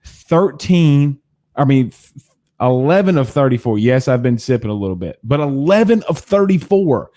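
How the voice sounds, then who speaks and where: Furious swearing sports show host. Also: male voice, medium pitch, sing-song, moderate pace, dark tone. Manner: cursing, heated and exasperated. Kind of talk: angry postgame rant.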